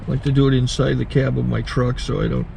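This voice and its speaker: A man's voice: medium pitch, level tone, fast, creaky, background noise. A man hosting his own channel, talking casually from inside his truck cab and explaining his drone setup with a few fillers. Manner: chatty, plain, hesitant with fillers while explaining. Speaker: channel host taping meetings.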